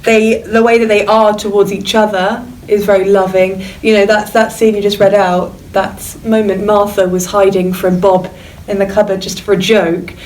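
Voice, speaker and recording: A woman's voice: level tone, moderate pace, a little mellow. Chatty woman discussing a novel, mic far off. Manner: chatty, jokey, acts out characters in high voices. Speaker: guest teacher. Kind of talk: casual literature discussion. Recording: distant mic with faint noise.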